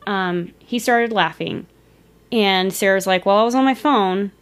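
A woman's voice: medium pitch, measured pace. A woman retelling a story in a casual, chatty way, giggling and sometimes losing her place. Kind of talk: casual storytelling of a ghost encounter.

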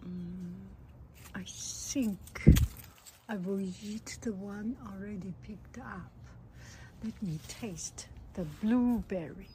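Delighted woman, slow and gasping. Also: medium pitch, background noise. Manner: gasping and delighted, repeats herself. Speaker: vlogger. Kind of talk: casual garden vlog. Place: home garden, outdoors.

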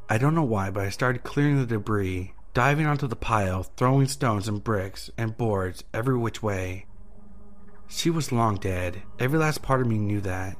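Low-voiced man narrating horror. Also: normal speed. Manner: intense, anguished. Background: faint music.

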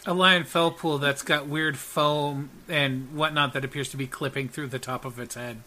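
A man narrating and voicing characters as game master of a tabletop game, in a calm, friendly way. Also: on the high side, moderate pace.

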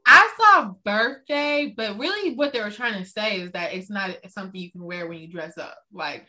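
A young woman with a North Carolina accent co-hosting a podcast, talking in an animated, opinionated way and laughing easily. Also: medium pitch, normal speed. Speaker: podcast co-host. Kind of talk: casual chat.

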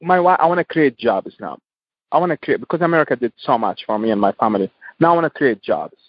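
A man's voice: mid-range voice, lively intonation, fast talker, no room sound, lo-fi sound. A man, a podcast guest, speaking passionately in emphatic, repetitive English. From Tunisia. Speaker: guest entrepreneur. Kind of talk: podcast interview.

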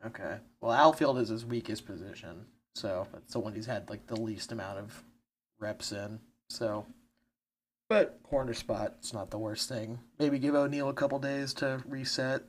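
A man's voice: mid-range voice, normal speed. Laid-back rambling man talking baseball. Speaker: podcast co-host. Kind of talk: casual chat about baseball.

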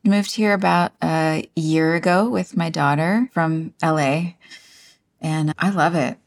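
A woman in her forties from the southern United States, telling stories in an expressive, self-deprecating way as an interview guest. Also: low voice, slow, gravelly. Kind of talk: casual chat.

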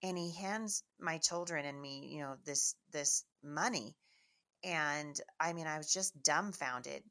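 A middle-aged woman from Washington State, a Christian speaker telling a lively personal testimony to an audience with chatty restarts. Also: low voice, a little slow. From Washington State, USA. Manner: chatty, animated storyteller with frequent restarts. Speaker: Christian speaker and homeschool teacher.

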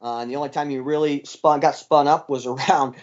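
A man's voice: fairly high pitch, steady tone, fairly quick, highs cut off. A man, a former military dog handler, telling his story in an interview in a casual, blunt way with plenty of fillers and the odd swear.

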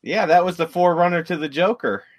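A man's voice: high-pitched, quick pace. Man with dry, teasing quips. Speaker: podcast co-host and blogger. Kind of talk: casual chat.

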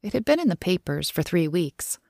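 Gravelly-voiced woman narrating an audiobook. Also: lowish voice, big pitch swings, moderate pace, a little mellow, no room sound, studio quality. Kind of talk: first-person audiobook narration.

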